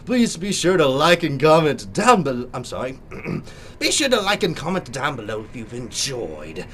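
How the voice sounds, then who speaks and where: A man's voice: mid-range voice, sing-song, moderate pace, fairly bright tone, slight background noise. A young man with a sore throat giving jokey, theatrical let's play commentary as a gaming YouTuber.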